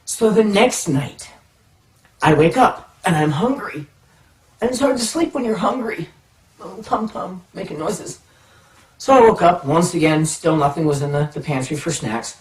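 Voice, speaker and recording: A man telling a comic personal story to the camera, animated and self-mocking. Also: sits high, normal speed. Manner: animated, self-mocking, acts out voices in his stories. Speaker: storytelling vlogger. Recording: echoey room, mic far off.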